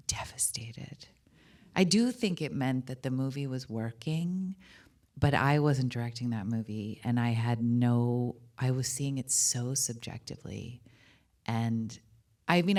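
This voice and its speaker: A woman with a strikingly low, deep speaking voice, talking as a guest at a live on-stage interview. She is candid and chatty, with lots of asides and casual fillers. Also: a little mellow. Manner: chatty and candid, frequent laughs and "like". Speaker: filmmaker and actor, interview guest. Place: cinema auditorium with live audience.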